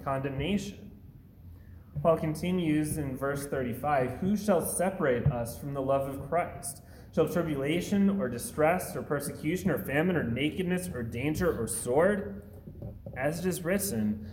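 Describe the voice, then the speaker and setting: A man preaching a sermon, reading scripture aloud and explaining it in a measured, deliberate way. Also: on the high side, darkish tone. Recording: echoey room, faint background hum.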